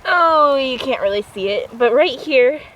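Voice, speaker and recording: A woman's voice: a little high, muffled recording. A teenage girl vlogging as she walks through a forest outdoors, chatty and self-mocking, with jokey asides, filmed on a handheld device. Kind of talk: walking tour vlog. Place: small forest by a creek, outdoors on a windy day. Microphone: handheld iPod camera. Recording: wind noise and a rushing creek.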